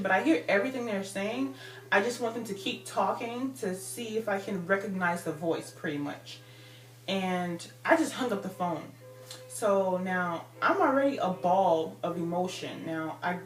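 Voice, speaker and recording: A woman's voice: mid-range voice, distant mic. A woman in her thirties recounts a personal story in a loose, rambling way, leaning on fillers. She sits a little back from the mic in a roomy, echoey space. Faint music plays underneath. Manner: rambling, many "like" and "you know" fillers. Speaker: vlogger. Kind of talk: casual storytime.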